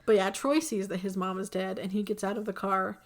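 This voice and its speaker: A woman's voice: medium pitch, steady tone, fairly quick, heavy background noise. Woman, podcast co-host, casual recap, lots of "like", swears freely. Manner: chatty, filler-heavy, profane, laughs easily. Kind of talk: casual movie recap chat.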